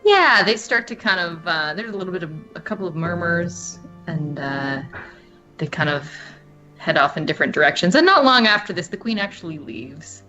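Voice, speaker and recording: Bright-voiced woman running a tabletop game. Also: on the low side, normal speed, muffled recording, soft background music. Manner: relaxed, hesitant with many fillers, laughs easily. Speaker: game master. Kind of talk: narrating a tabletop game over voice chat.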